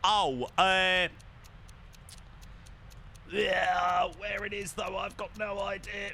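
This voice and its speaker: A man streaming live, chatting casually and excitably with his viewers and swearing now and then. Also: high voice, extremely slow, gravelly, slight background noise. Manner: excitable, swears, talks to chat.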